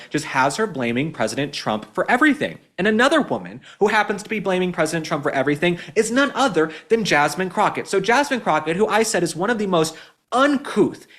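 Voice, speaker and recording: A man from Texas hosting a political commentary show, talking in an animated, mocking and indignant way. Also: sits high. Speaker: host.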